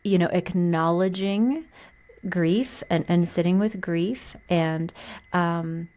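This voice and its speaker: Lady hosting a podcast, kinda low voice, lots of affirming. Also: takes it slowly, a little mellow. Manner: affirming listener. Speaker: podcast host. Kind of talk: casual conversation.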